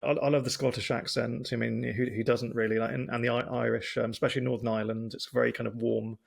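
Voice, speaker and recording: A male podcast host with a strong Oxford accent and a deeply gravelly, creaky voice. He talks in a relaxed interview chat, choosing his words carefully and slowly. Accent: Oxford English. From England. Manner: deliberate, careful pacing, works to speak slowly.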